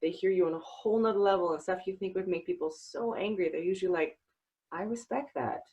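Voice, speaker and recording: A woman hosts a podcast interview in a casual chat, speaking earnestly and reflectively with plenty of fillers. Her voice is lowish, dark and a bit breathy, and she talks fast; the recording is rough.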